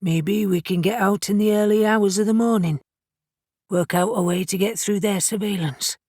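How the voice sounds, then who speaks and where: A woman's voice: medium pitch, warm tone, no echo, studio quality, natural voice. A woman doing a blunt, bossy shifter man. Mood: brisk. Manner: brisk, commanding. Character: blunt, decisive male shifter leader.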